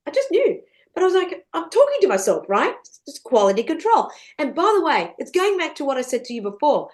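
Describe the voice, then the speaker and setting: Animated woman, lively swooping pitch. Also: brisk. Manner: swears freely, laughs often, big swings in pitch and loudness. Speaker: podcast guest. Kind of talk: animated storytelling chat.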